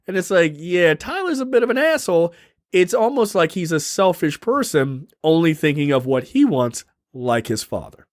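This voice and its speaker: A young man co-hosting a casual film review podcast, animated and quick to laugh as he acts out scenes. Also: on the high side, dry recording, studio quality. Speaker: podcast co-host.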